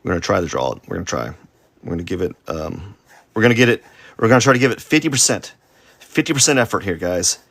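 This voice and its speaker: A man talks through a live drawing stream in a loose, rambling way, poking fun at his own sketches and dropping goofy sound effects. His voice sits low with a gravelly fry. The sound is dry and close. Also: expressive, fast, fairly bright tone, dry recording. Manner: rambling, self-deprecating, with silly sound effects. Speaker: artist streaming a drawing session. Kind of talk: casual live-stream commentary while drawing.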